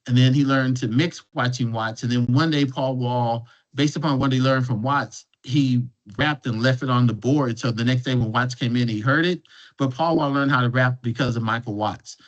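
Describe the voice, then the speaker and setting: A man of middle pitch tells stories as an invited guest, talking in a loose, conversational way. He often stumbles and restarts a phrase before going on. The recording sounds dull and lo-fi. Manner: restarts and repeats words while telling a story. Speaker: guest speaker. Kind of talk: conversational storytelling.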